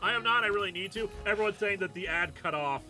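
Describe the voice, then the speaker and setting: A man's voice: high-pitched, quick pace, over music. A man guesting on a casual chat, cutting in and restarting his sentences. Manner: talks over others, stumbles and restarts. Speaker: guest commentator.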